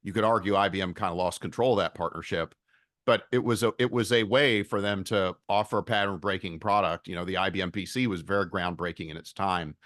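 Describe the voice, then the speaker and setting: A low-pitched man talks as an investor guest on a podcast. He explains things steadily and often repeats the first words of a phrase. His voice is recorded close and dry, with no room sound. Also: fairly even intonation, fairly quick, a bit bright, no room sound. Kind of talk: podcast interview.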